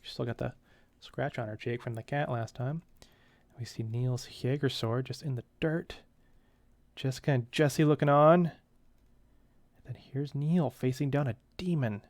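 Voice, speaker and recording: A man's voice: medium pitch, a little slow, long pauses, darkish tone, no room sound. A man in his thirties reading a comic aloud and commenting on it in a chatty way, with wry asides.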